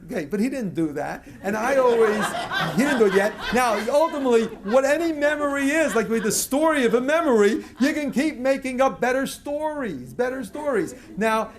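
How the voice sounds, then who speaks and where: A man's voice: very high voice, lively intonation, fairly quick, few pauses. An older man from the United States giving a motivational lecture to a live audience, telling stories, chuckling often and leading the crowd in chants. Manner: storytelling, leads the crowd in chants. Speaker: motivational speaker.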